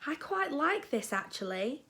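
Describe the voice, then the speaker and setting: Brief: shy schoolboy read by a woman, hesitant, slow storybook delivery. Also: sits high, big pitch swings, bright, forceful tone, voice pushed up, full character voice. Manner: hesitant, unsure. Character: shy twelve-year-old English boy, nervous.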